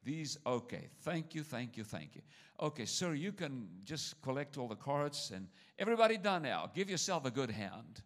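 A man with a foreign accent preaching a sermon in a church, switching between loud exhortation and quiet asides. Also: medium pitch, sing-song, moderate pace. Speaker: traveling preacher. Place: church service.

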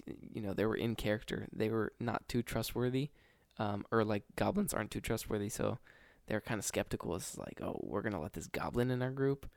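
A man with a lowish, gravelly voice rambles through a casual podcast story, slangy and full of hesitant starts. The sound is close and dry. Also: dry recording. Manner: laid-back, slangy, hesitant. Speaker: podcast co-host. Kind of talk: casual chat.

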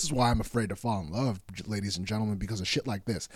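A man's voice: lowish voice, fast, few pauses, a little mellow, no echo, clean studio sound. A man telling a rambling, heated story in casual speech, swearing often.

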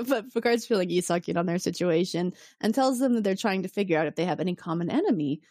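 A woman's voice: on the low side, animated, fast talker, darkish tone, dry recording, studio quality. A woman co-hosting a casual podcast, animatedly retelling a story and acting out characters' lines. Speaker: podcast co-host recapping episodes. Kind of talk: casual chat.

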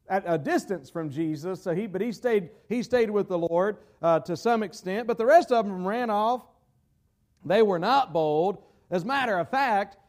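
Southern pastor, man, high voice, folksy sermon with lots of restarts. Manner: folksy, repeats words while searching for phrasing.

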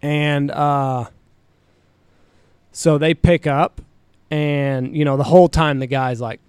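Smooth-voiced man telling a profane story. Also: a little high, fairly even intonation, slow pace, a little mellow, no room sound, studio quality. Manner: profane, rambling anecdote with frequent fillers. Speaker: co-host. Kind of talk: casual storytelling.

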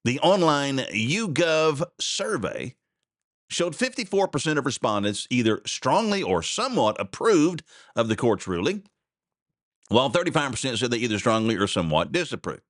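A man's voice: medium pitch, sing-song, moderate pace, a bit bright, no echo, clean studio sound. A man hosting a talk show, giving casual, sarcastic political commentary and laughing often.

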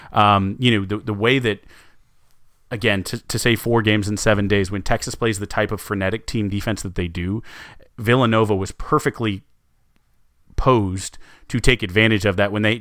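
A man with a fairly low voice talks basketball in easy, rambling podcast chat, looping back with fillers and restarts. The sound is dry and close, with no room around it. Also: fairly bright tone, no room sound. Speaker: sports podcast co-host. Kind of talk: casual sports chat.

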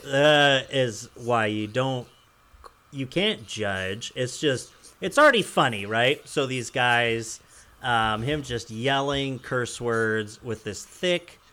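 A man's voice: mid-range voice, slow, bright, forceful tone. A man hosting a casual podcast, telling a rambling story with frequent chuckles. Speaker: podcast host.

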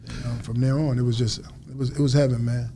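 A man as an interview guest, telling a story in a lively way and acting out other people's lines. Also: mid-range voice, brisk, vocal fry, a little hiss or hum. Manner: animated storyteller acting out quotes.

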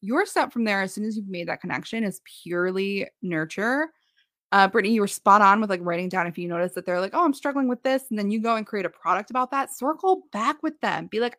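A woman co-hosting a podcast, giving energetic, direct advice in casual chat. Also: mid-range voice, quick pace, dry recording, clean studio sound. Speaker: podcast co-host.

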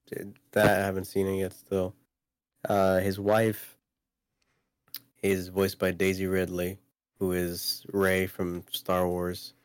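A man's voice: sits low, completely flat delivery, takes it slowly, clear, resonant tone, dry recording. A man co-hosting a casual podcast chat about video games, rambling with lots of fillers and restarts. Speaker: podcast co-host.

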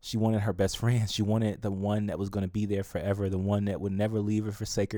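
Earnest low-voiced man reflecting on scripture. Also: little pitch movement, mellow, no room sound, clean studio sound. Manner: earnest, emotional, voice rising when moved; halting restarts. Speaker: devotional podcast host. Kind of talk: reflective scripture reading and commentary.

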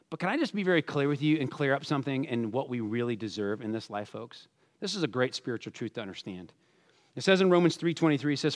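A man preaching a sermon in a conversational way, calling his listeners folks and acting out the quotes he reads. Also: mid-range voice. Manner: conversational, addresses listeners as folks, animated quoting. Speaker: pastor.

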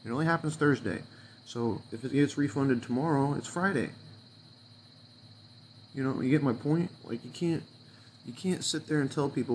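A man's voice: mid-range voice, moderate pace, pauses often, a little hiss or hum. Man ranting angrily, swearing nonstop. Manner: fuming, sarcastic, heavy swearing, loose and rambling. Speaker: unhappy customer venting. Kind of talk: angry profane rant to camera.

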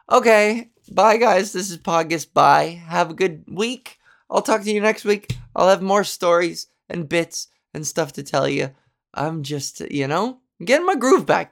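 A woman hosting her own podcast in a rambling, self-deprecating monologue, with a scratchy, slightly sore voice and plenty of swearing. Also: gravelly. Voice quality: scratchy low voice. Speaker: podcast host. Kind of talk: casual solo monologue.

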